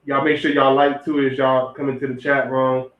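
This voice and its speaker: A man's voice: mid-range voice, little pitch movement, moderate pace, slight background noise. A young man hosting a livestream, giving rambling zodiac relationship advice and talking straight to his chat. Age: young adult. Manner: rambling, repeats and restarts phrases, addresses chat directly. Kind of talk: casual livestream talk to viewers. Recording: roomy, phone-like lo-fi audio.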